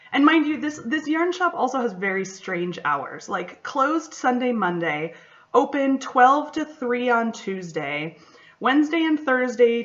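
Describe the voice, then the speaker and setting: A young woman, chatting through a solo podcast in a relaxed, storytelling way. Her voice sits fairly high and is peppered with "like" and "you know". The home recording sounds dull and a bit lo-fi. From Michigan, USA. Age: 20s. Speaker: podcast host. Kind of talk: casual solo podcast chat.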